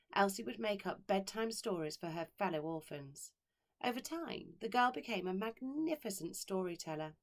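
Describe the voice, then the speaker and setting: A woman who teaches primary school, reading a children's story aloud with expressive delivery and dramatic pauses. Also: medium pitch. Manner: expressive, dramatic pauses, slows on key words.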